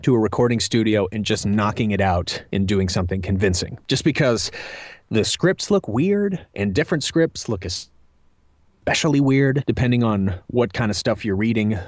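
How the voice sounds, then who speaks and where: A rather low-pitched man in his thirties talks casually as an interview guest, wandering through his answers with fillers, restarts and self-deprecating asides. The sound is dry and close, with no room around it. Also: darkish tone, no room sound. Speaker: voice actor guest.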